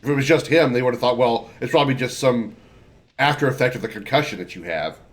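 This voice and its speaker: A man's voice: medium pitch, fast. A man streaming a game, giving casual, rambling and critical commentary.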